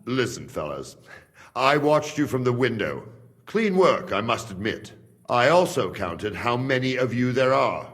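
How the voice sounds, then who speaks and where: A man voicing a stubborn, loyal guard from Buda who speaks calmly and firmly, with quiet threat, in a game cutscene. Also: medium pitch, measured pace. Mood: tense. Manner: calm, firm and threatening. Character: stubborn, loyal male guard holding captives. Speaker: a king's guard.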